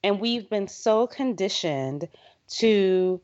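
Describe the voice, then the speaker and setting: A middle-aged woman who leads a women's health organization appears as a podcast guest, speaking earnestly and conversationally and acting out quotes. Her mid-range voice is expressive and a little mellow, at a slow pace. The podcast audio is slightly dull and muffled.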